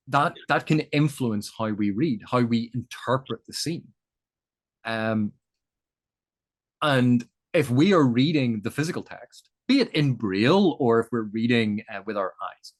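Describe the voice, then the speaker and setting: Male interview guest, mid-pitched, measured explainer who talks in examples. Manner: thoughtful, lecturing, builds points with examples.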